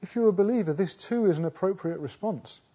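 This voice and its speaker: A man preaches earnestly at a quick pace, his voice slightly rough, posing rhetorical questions and restarting phrases. He climbs to loud, emphatic peaks, then drops low again. The recording has a dull, lo-fi sound.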